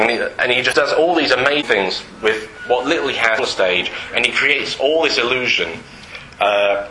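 A man's voice: mid-range voice, pushed and bright, slight background noise. A man preaching a sermon in a church hall, conversational and self-deprecating, with frequent fillers and restarts.

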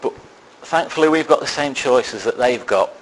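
A man delivers a sermon in an easy, storytelling way, poking fun at himself with dry asides. His voice sits at an everyday middle pitch. A faint hum of the room sits under him. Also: expressive, moderate pace, rough recording. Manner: self-deprecating storytelling with dry humour. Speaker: lay preacher.

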